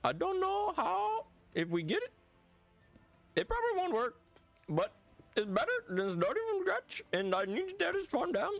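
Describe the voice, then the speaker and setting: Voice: very high-pitched, huge pitch swings, moderate pace, gravelly, soft background music, pitched above the performer's own voice, heavily acted. A streamer putting on a mumbly mock Swedish cook voice. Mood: goofy babbling. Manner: puffed-lip mumbly comic accent, hard to understand. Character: mock Swedish cook character, goofy and babbling.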